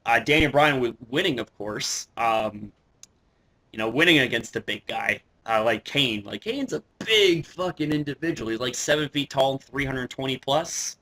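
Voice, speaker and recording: A man giving casual wrestling commentary on his vlog, excitable, swearing often and padding his speech with fillers and restarts. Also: mid-range voice, moderate pace. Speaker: wrestling vlogger.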